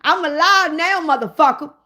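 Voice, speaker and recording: A smart-home assistant that has woken up and turned vengeful, as a woman puts her on. She snaps out profane, commanding orders in a high voice. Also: moderate pace, pushed and bright. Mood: domineering. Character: bossy smart-home assistant come alive, female, vengeful.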